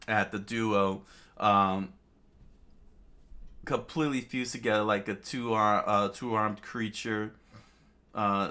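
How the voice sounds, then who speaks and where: A man's voice: on the low side, bright, forceful tone. A man reading a comic aloud in a casual way, with many fillers, restarts and chatty asides. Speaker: reader of a comic. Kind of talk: casual read-aloud with commentary.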